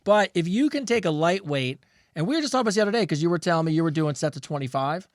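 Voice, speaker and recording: A man's voice: on the high side, very fast, no echo, studio quality. A man co-hosting a casual advice podcast, reading out listener questions and joking along. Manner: relaxed, joking, reads out questions. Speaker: podcast co-host.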